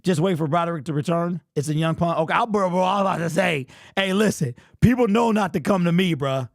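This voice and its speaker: A young man hosting a fan livestream postgame show, talking excitedly and casually to his chat in slang. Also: high-pitched, fast, gravelly, dry recording, clean studio sound. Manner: excitable, slangy, talks straight to the chat with lots of "bro".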